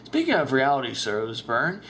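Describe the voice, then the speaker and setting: A man's voice: mid-range voice, huge pitch swings, moderate pace, fairly bright tone, slight background noise. A man voicing a bemused male radio host who hesitates with many fillers, in a comic voice-over dub.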